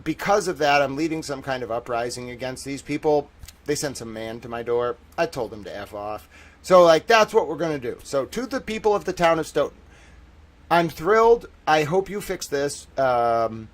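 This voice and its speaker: A man hosting a livestream, talking casually in a rambling, digressive way, swinging between loud outbursts and quiet muttered asides, often profane and sarcastic. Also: on the high side. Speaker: livestream host.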